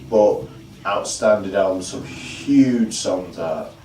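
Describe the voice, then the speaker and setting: A man's voice: deep voice, takes it slowly, crowd noise. A man chatting casually about music in a home vlog, dry and sarcastic. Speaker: vlog co-host reviewing albums. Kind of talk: casual chat. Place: home room with a fireplace. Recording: roomy sound from a distant mic with faint background noise.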